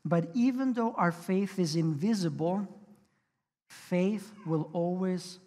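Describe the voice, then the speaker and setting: A man's voice: sits high, slow, warm tone, long reverb tail. A pastor delivering a sermon in an earnest, conversational way, often restarting his sentences. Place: church sanctuary.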